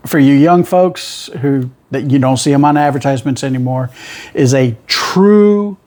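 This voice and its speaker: With a rural Southern drawl, this middle-aged trucker and channel host tells casual tales from the road, wandering folksily from one bit to the next. He speaks at a moderate pace in a mid-range, slightly mellow voice.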